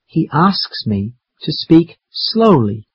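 Very slow, breathy storybook reader. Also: medium pitch, no room sound, muffled recording. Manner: slow, lively storytelling with character voices. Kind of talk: children's story reading.

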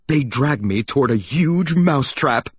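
Male narrator for a storybook, a slow unhurried read with a husky edge. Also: medium pitch, no echo. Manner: expressive first-person reading.

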